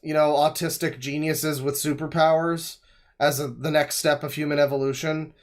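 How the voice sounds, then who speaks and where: A man with a fairly high-pitched voice rambles through casual reaction commentary on a livestream. His talk is loose and sarcastic and full of swearing, and he keeps circling back on his own words. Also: little pitch movement, normal speed. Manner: rambling, profane, sarcastic riffing. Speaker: livestream host reacting to a video.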